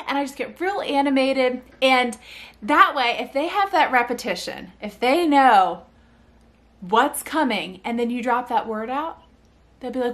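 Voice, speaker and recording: A woman's voice: high-pitched, lively intonation, unhurried, a bit bright. A young woman who works as a speech therapist, talking parents through activities in a casual, chatty way and breaking into sing-song baby talk for the examples. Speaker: speech-language pathologist.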